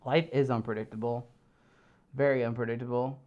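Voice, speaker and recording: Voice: medium pitch, fairly even intonation, brisk, dull audio. A live streamer in a fox fursuit chatting casually and reading comments from the chat, rambling and giggly, with lots of fillers. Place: home streaming room.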